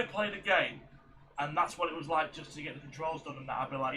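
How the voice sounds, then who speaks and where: A man's voice: a little high, fairly quick, sharp tone, a little hiss or hum. A man reacting to a video, casual and frustrated, swearing and tripping over his words. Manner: frustrated, swearing, stumbling restarts.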